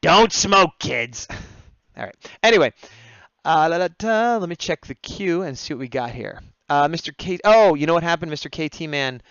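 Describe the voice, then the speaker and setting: A fairly high, smooth, expressive voice carries this artist's chatty commentary as he draws requested pieces live, talking to viewers and often laughing at his own jokes. He keeps a moderate pace. The recording is dry over dull lo-fi audio.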